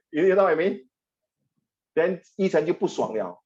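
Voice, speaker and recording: Animated man teaching history online. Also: a little high, unhurried, muffled recording. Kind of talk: online class lecture.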